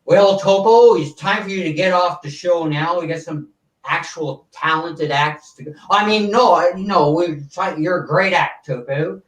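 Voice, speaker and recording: A man's voice: fairly high pitch, a little slow, recorded from a distance, lightly acted. A man doing an impression of an older male TV variety show host, with a stiff, stagey announcer delivery. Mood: showy. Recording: roomy, away from the mic.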